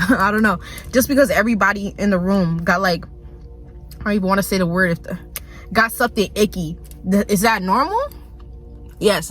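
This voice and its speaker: A young woman ranting casually into her phone, rambling with lots of "like", quick laughs and mock voices. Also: medium pitch. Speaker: vlogger. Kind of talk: casual rant to camera.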